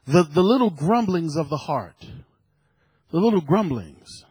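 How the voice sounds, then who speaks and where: A man in his fifties preaching a sermon, emphatic, repeating his words and rising at times to shouts. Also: a little high, lively intonation, unhurried, slightly rough, dry recording. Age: 50s.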